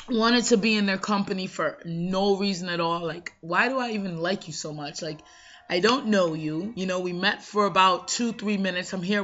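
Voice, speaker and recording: A woman's voice: mid-range voice, fairly bright tone. A Jamaican-born woman hosting an episode, talking conversationally with emphatic rhetorical questions. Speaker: podcast host. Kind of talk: motivational monologue. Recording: dull lo-fi sound.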